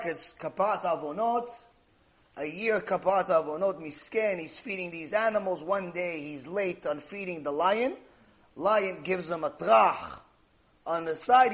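Guy teaching a torah class, high voice that jumps all over, acts out the lines. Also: a little slow. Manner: animated storytelling, acting out dialogue. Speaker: Torah lecturer.

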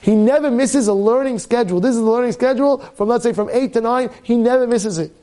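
A man, a rabbi, delivering an impassioned sermon, repeating phrases and breaking into shouted exhortations. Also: very high-pitched, fast.

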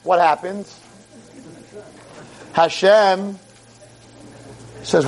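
Animated high-voiced man giving a sermon. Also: moderate pace, poor audio. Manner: expressive, acts out voices, swings from loud exclamations to soft talk. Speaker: rabbi lecturer.

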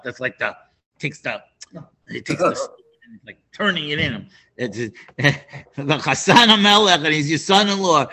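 Bright-voiced man teaching a Bible class. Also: on the high side, normal speed, breathy edge. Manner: animated, with frequent restarts and asides. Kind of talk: Torah class lesson.

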